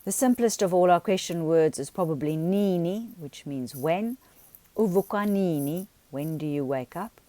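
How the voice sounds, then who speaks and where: Low-pitched female teacher, patient explainer of grammar, dry room. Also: dark tone, no room sound. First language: not Xhosa. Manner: explains patiently, pronounces example words slowly. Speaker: language teacher. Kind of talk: recorded grammar lesson.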